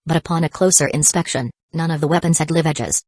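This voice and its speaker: A woman narrating an audiobook in a steady, even storytelling manner. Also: low voice, fast talker, breathy edge, no echo. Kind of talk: scripted narration.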